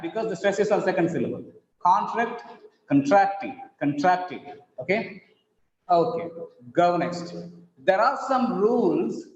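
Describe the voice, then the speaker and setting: A high-voiced man teaches word stress, spelling words letter by letter and repeating each one slowly. His voice rings in a roomy space with a long tail of reverb. The sound is dull and lo-fi. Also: a little mellow. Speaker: English teacher. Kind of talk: online pronunciation lesson. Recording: echoey room, dull lo-fi sound.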